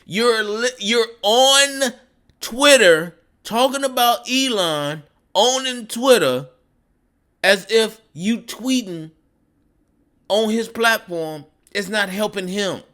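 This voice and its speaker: A man's voice: high-pitched, expressive, takes it slowly, bright, forceful tone. A man delivering a ranting commentary, mocking and scolding with insults. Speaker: commentary vlogger.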